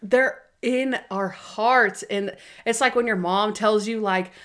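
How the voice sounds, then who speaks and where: A woman's voice: mid-range voice, takes it slowly, fairly bright tone. Bubbly, chatty woman recapping a TV episode. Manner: bubbly, chatty, acts out scenes with big voices. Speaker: podcast co-host. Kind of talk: casual episode recap chat.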